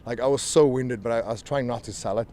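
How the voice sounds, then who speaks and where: A man's voice: mid-range voice, fast, warm tone. Laid-back South African-American accented man. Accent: South African mixed with American. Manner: laid-back, laughs often, rambling restarts. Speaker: professional wrestler guest. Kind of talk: casual interview. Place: outdoors near a helicopter. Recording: faint outdoor noise with helicopter.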